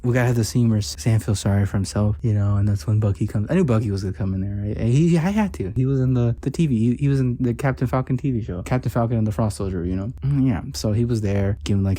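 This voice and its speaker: A man's voice: lowish voice, quick pace, dark tone, no room sound, studio quality. A man casually recapping a movie plot, rambling with lots of fillers and joking asides. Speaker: movie reviewer.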